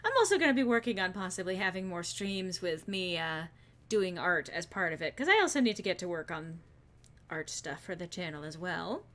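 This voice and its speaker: A woman's voice: on the low side, expressive, fairly quick, fairly bright tone. A woman streaming a game and chatting casually with a co-host and viewers, playful and full of fillers.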